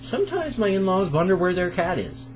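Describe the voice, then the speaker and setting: A man in his fifties with a sore throat, chatting casually at home in a morning vlog and telling stories with animated sound effects. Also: high voice, a little fast, soft background music. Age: 50s. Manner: animated storyteller who makes sound effects. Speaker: video blogger.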